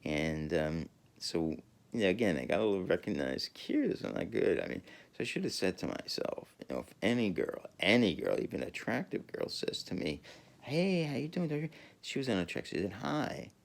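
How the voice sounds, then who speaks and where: A man rambling through a casual monologue, halting often with fillers and restarts and chuckling as he talks. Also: low voice, sing-song, creaky. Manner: chuckles while talking. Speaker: podcaster.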